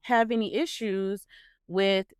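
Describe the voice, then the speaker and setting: A woman's voice: mid-range voice, fairly even intonation, slow, clear, resonant tone, no room sound, studio quality. A woman hosting her own podcast from home, chatting casually and sassily straight to her listeners. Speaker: podcast host. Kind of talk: casual solo podcast chat.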